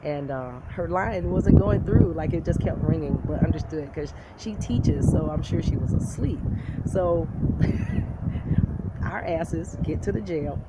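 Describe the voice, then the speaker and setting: A woman from the United States telling a personal story to camera in a blunt, profane, animated way. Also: deep voice, slow, lo-fi sound. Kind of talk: casual storytime monologue. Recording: loud background noise.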